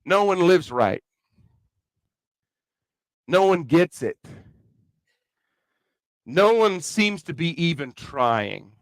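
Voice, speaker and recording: A man's voice: fairly high pitch, big pitch swings, drawn-out words, pauses often, no echo, voice pushed down, exaggerated voice. A man voicing a plain-spoken Kentucky farmer in a sermon, with a Kentucky accent. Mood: blunt.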